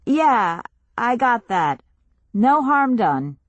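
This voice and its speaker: A woman's voice: a little high, sing-song, extremely slow, dry recording, dull audio, voice pushed up, full character voice. Woman doing a raised, awkward teen girl voice, casual and hesitant, dry close sound. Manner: hesitant, casual replies with fillers. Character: awkward sixteen-year-old girl, quick and casual.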